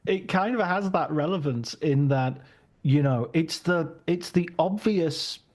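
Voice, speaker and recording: Man with a higher voice, animated. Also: a little slow. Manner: animated, laughs often, argumentative asides. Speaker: podcast host. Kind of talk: casual film discussion.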